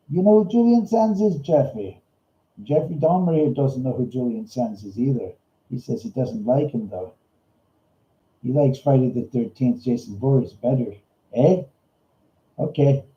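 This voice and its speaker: A man's voice: mid-range voice, normal speed, close to an everyday voice. A man putting on a goofy Canadian ghost hunter, eh. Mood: joking. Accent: put-on Canadian. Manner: jokey, ends lines with "eh", calls people hosers. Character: goofy stoner male Canadian ghost investigator. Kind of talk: comic bit on a livestream. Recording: roomy, slightly dull livestream audio.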